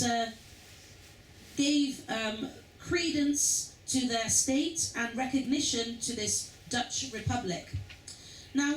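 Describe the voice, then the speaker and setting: A woman giving an informal history talk to cruise passengers, chatty and asking the audience questions. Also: a little high. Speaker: cruise lecturer. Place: lounge aboard a river cruise ship. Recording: roomy, distant, faint background noise.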